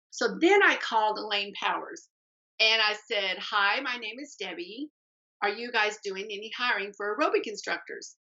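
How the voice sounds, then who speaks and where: A woman's voice: medium pitch, normal speed, pushed and bright. A woman, a personal trainer telling her story animatedly as a podcast guest and acting out the voices she quotes. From Texas. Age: 60s. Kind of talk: storytelling in an interview. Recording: dull lo-fi remote audio.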